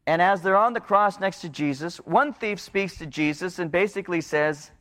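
A male preacher with a fairly high voice delivers a sermon. He speaks earnestly, lifting his voice for pleas and dropping it low for stern replies. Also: normal speed, sharp tone. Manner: earnest, rising and dropping pitch to act out quoted voices.

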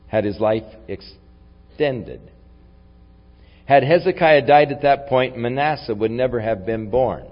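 A man preaching a sermon, reflective in tone and rising to forceful when he reads scripture aloud. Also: medium pitch. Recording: long hall reverb, dull lo-fi sound.

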